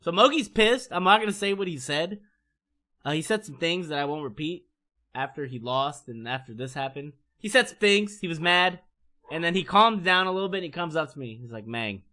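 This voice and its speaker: A man telling a casual story on his stream, animated, profane and rambling. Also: on the high side, brisk.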